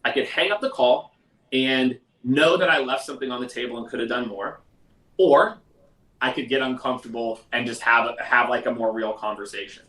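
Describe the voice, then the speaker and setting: A man hosting a live sales question-and-answer stream in a casual, energetic, conversational way. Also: a little fast. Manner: energetic, conversational, mimics others in a high voice. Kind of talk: casual livestream talk. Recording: roomy echo, mic at a distance.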